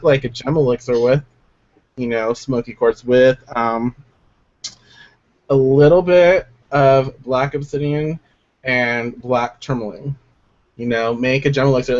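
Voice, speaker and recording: A man co-hosting a casual chat, animated and jokey with frequent swearing. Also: medium pitch. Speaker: podcast co-host. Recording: dull lo-fi home recording.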